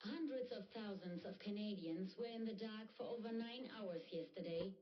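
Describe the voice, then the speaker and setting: A woman's voice: medium pitch, moderate pace, close to an everyday voice. An actress voicing a female state radio news announcer reading formal bulletins. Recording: distant dull radio broadcast with crowd noise.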